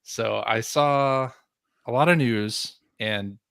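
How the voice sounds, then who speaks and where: A man's voice: mid-range voice, slow pace, vocal fry, a bit bright, clear, resonant tone, dry recording, studio quality. A man co-hosting a podcast in casual chat, upbeat and laughing often. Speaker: podcast co-host.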